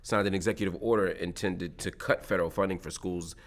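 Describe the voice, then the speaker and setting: A man hosting an interview, asking lively, playful questions. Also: sits low, brisk. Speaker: interviewer host.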